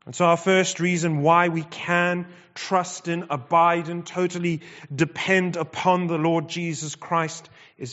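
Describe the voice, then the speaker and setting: A man preaching a sermon, emphatic and measured, repeating phrases and pausing between them. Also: fairly high pitch, level tone, a bit bright. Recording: dull sound with long hall reverb.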